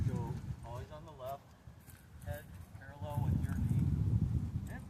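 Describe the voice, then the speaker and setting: A man's voice: on the high side, steady tone, normal speed, long pauses. A man working as a dog trainer, explaining in a casual, instructive way and giving short commands to a dog outdoors. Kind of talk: hands-on dog training lesson. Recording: distant mic with loud outdoor noise.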